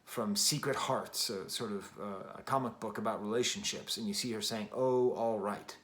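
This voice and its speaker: A man's voice: lowish voice, normal speed, pushed and bright. A man giving a casual spoken record review, thinking aloud with many restarts and fillers. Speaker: music reviewer.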